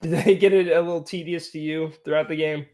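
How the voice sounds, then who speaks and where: A man's voice: on the high side, fairly even intonation, fairly quick, darkish tone. A young man co-hosting a casual game review podcast, chatty and rambling, laughing often. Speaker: podcast co-host.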